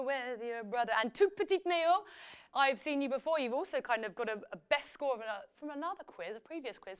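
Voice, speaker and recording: A young woman hosting a live quiz on an app, chatty and playful, reading out the answer splits and breaking into bits of songs. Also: high voice. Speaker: quiz show host.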